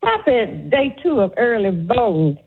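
A woman's voice: a little high, sing-song, moderate pace, husky, no echo. A woman calling into a radio show, firm and emphatic, repeating her points. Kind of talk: call-in radio opinion. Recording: tinny phone line.

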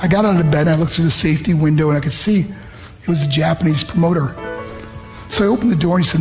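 A man's voice: on the high side, fast, a little mellow. A middle-aged man, a former wrestler giving an earnest, emotional motivational talk and acting out the voices of the people in his story. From United States. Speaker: motivational speaker. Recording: music underneath.

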